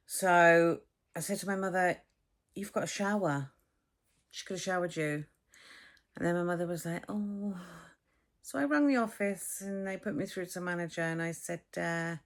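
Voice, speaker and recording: Middle-aged woman, blunt and chatty, swears freely, casual vlog to camera. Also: lowish voice. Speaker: vlogger.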